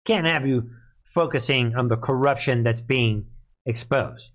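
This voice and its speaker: A man hosting a live commentary stream, his voice sitting at an ordinary middle pitch. He talks in a sarcastic, scoffing way. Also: measured pace. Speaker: political commentary host.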